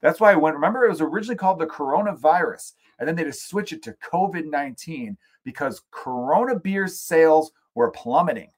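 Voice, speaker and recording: An American man hosting his own podcast, talking alone in a loose, profane rant. He gets worked up and animated, throwing in sarcastic asides as he goes. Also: on the high side. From United States. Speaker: podcast host. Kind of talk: casual solo rant.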